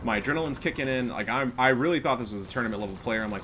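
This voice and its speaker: A man casting a game replay, excitable and profane, full of trash talk. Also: mid-range voice, racing, noisy background. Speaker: gaming commentator. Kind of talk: casual replay commentary.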